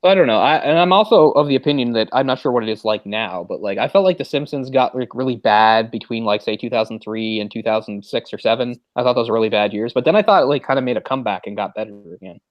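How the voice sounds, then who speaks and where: Talking quickly with few pauses, a commentary host with a mid-range voice rambles casually through a movie watch-along. There's no echo and the highs are cut off; he leans on "like" and does mock voices when recounting scenes.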